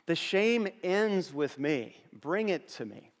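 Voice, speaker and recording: A man's voice: a little high, sing-song, takes it slowly. A middle-aged man preaching a sermon as a pastor, earnest, telling stories and repeating phrases for emphasis. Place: church auditorium. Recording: long hall reverb.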